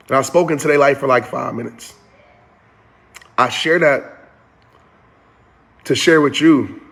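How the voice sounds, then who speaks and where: Calling the audience "y'all," a man gives a motivational talk with earnest, preacher-style rhythm and repeated phrases, becoming emotional as he goes. He's a motivational speaker with a mid-range, fairly bright voice.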